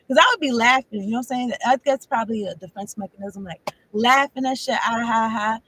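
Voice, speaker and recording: A woman's voice: a little high, brisk, a bit bright, slightly rough, poor audio. A woman giving a casual tarot reading, rambling and profane, laughing often as she talks. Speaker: tarot card reader.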